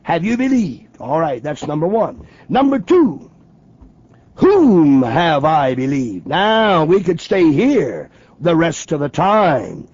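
A man's voice: a little high, big pitch swings, takes it slowly, a little mellow, husky, dry recording. A man preaching a radio sermon, emphatic and questioning the listener directly, on a dull lo-fi old broadcast.

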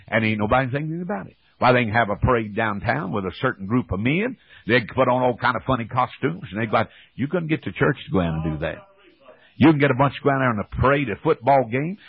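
A man's voice: medium pitch, slightly rough, no echo. A man preaching a fervent revival sermon, calling for amens in folksy speech. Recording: dull old radio broadcast.

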